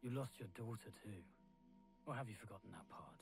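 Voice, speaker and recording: A man's voice: lowish voice, brisk, faint music behind, natural voice. An actor playing an angry young male monster hunter, heated and accusing, swearing as he confronts someone. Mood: bitter.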